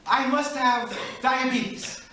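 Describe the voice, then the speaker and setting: A man's voice: very high-pitched, takes it slowly, heavy background noise, voice pushed up. A man voicing an earnest young rower, talking in a raised, emphatic sing-song. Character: earnest young male rower, pleading to his mother. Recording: very echoey hall, far mic.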